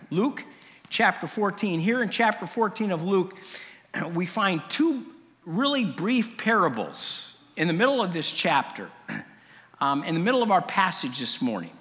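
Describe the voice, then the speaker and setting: A middle-aged man preaching a sermon as pastor, conversational, with fillers and frequent throat clearing. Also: high voice, sing-song, unhurried, a bit bright, long reverb tail.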